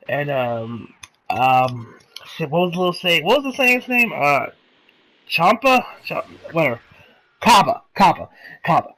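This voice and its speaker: A slightly high-voiced man talks through an anime episode in a loose, rambling recap. He fills it with "you know" and "um" and laughs often. He slips into quick impressions of the characters as he goes. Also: fairly bright tone, low-quality recording. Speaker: anime reviewer.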